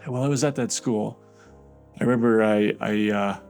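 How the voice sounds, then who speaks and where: A low, gravelly male voice recounts his own story as a personal testimony, talking in a halting, conversational way with plenty of fillers and restarts. A faint guitar plays softly underneath. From Canada. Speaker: guest sharing his testimony.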